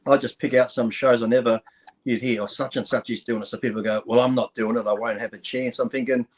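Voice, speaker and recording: Man, mid-pitched, relaxed rambling talk, podcast guest. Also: quick pace, husky. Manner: relaxed, rambling, laughs often, swears. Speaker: guest, retired pro bodybuilder. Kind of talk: casual chat.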